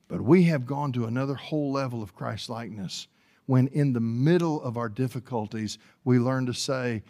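A man preaching a sermon, often repeating and restarting words, building from quiet passages up to loud, forceful preaching. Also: medium pitch, moderate pace. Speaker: pastor.

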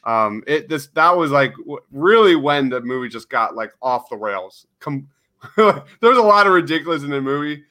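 A man with a bright, sharp tone joins a casual podcast chat. He stammers and repeats words, sounding exasperated. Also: a little high, lively intonation, moderate pace.

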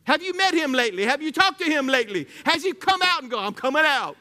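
Fast-talking and very high-pitched, a male pastor preaches with animation. He repeatedly poses rhetorical questions to his congregation.

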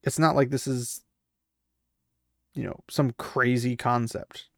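A man's voice: mid-range voice, steady tone, slow, creaky, no echo, studio quality. A man casually recapping a fantasy novel, chatty and opinionated, acting out characters' lines as he goes. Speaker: book recap commentator.

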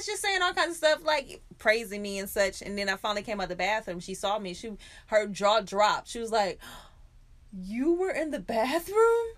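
A woman's voice: medium pitch, pushed and bright. Frank, laughing woman podcast co-host. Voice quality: frank, profane, laughs often. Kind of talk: casual chat.

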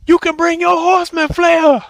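A man doing an impression of a bombastic middle-aged wrestler, shouting taunts in a loud boastful drawl. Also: very high-pitched, level tone, normal speed, vocal fry, dry recording, pitched above the performer's own voice. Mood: furious taunting. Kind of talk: impression during a podcast chat.

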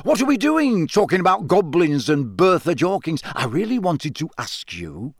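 A man's voice: a little high, very animated, normal speed, no room sound, studio quality, pitched above the performer's own voice. A man doing a jovial, flustered wizard official. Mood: confiding. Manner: hesitant, hushed and confiding. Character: jovial, nervous middle-aged male wizard official.

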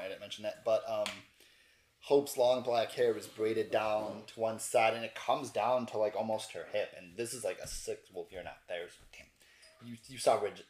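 A man's voice: lowish voice, darkish tone, echoey room. A man narrating a tabletop game as game master, describing scenes loosely with many fillers.

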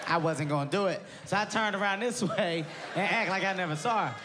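A male comedian telling a story on stage, animated and breaking into shouted quotes. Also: sits high, fairly quick, background noise. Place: comedy stage before an audience.

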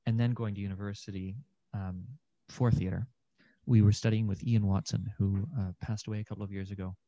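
A man's voice: on the low side, flat delivery, a little fast, mellow, highs cut off. A young man, an actor and podcast guest, talking through ideas in a thoughtful, meandering way with many fillers. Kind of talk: casual conversation.

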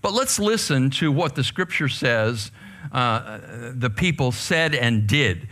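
A man preaching a sermon to a youth group, leading call-and-response and swinging from hushed asides to fired-up outbursts. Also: mid-range voice, animated, slow pace. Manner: leads call-and-response with the audience.

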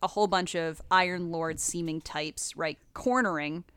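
Lively, profane woman discussing game lore. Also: lowish voice, clear, resonant tone, dry recording. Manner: animated, profane, quick asides. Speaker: podcast co-host. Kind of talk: casual chat about game lore.

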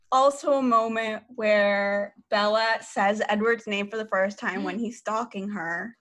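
A woman's voice: on the high side, a bit bright. A woman gushing enthusiastically about a favorite book moment. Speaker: book club podcast co-host. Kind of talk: casual chat.

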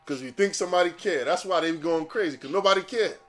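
A man's voice: fairly high pitch, fast, faint music behind. Profane slangy male podcast host. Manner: profane, animated storytelling with slang. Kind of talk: casual rant.

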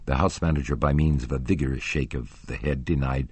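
Very deep, husky male audiobook narrator. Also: fairly quick, a little mellow. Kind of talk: scripted narration of a classic novel.

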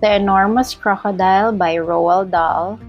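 A woman teacher reading a children's story aloud to her class, slow and expressive. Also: mid-range voice, lo-fi sound, soft background music.

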